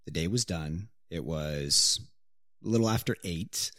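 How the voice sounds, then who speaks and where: A man's voice: low voice, measured pace, fairly bright tone, dry recording, clean studio sound. A man co-hosting a podcast with his partner, teasing and laid-back in casual chat. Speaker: podcast co-host.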